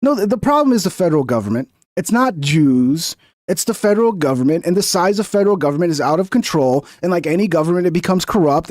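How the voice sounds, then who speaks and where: Host type: high-voiced man, profane and sarcastic, dry close sound. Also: darkish tone, no room sound. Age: 30s or older. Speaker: reaction show host. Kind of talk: profane political reaction commentary.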